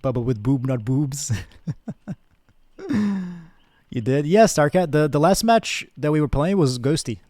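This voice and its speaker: A man's voice: a little high, a little slow, pauses often, no room sound. Laid-back male streamer chatting with viewers. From Brazil. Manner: relaxed, rambling, thanks chat by name, frequent laughs and fillers. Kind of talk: casual live-stream chat with viewers.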